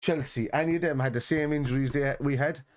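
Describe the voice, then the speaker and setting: Man, casual co-host of a football watch-along, rambling, swears often, ordinary mid pitch. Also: fairly even intonation, fairly quick, a little mellow. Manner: rambling, swears a lot, many restarts.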